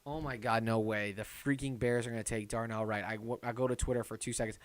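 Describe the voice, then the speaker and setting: Hosting a casual live-stream watch party, this man from the Detroit area reads viewer comments aloud and reacts to them. He's excitable and brisk with few pauses, talking to both the chat and his pet while swinging between loud bursts and low muttering.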